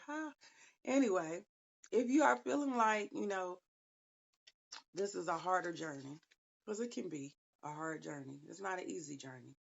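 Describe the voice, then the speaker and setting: A woman's voice: on the low side, vocal fry, dull audio, a little hiss or hum. A woman giving viewers a casual spiritual tarot reading, chatty and slangy, talking straight to them. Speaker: tarot reader.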